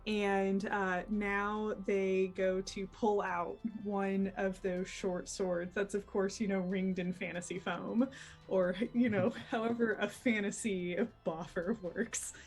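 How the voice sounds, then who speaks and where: A woman's voice: medium pitch, flat delivery, faint music behind. A woman player describing her character's moves in a tabletop game, taking her time with hesitant fillers. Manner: unhurried, hesitant narration.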